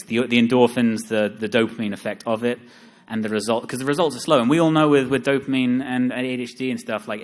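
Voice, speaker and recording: Joking man giving a seminar talk. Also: mid-range voice. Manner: joking, self-deprecating, lively asides. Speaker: seminar speaker. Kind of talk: live seminar talk with audience.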